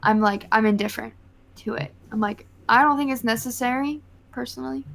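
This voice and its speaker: A woman's voice: a little high, a little fast, gravelly, a bit bright, poor audio. A woman with a Southern US accent, chatting casually as a co-host on a livestream podcast and reading out lists of names.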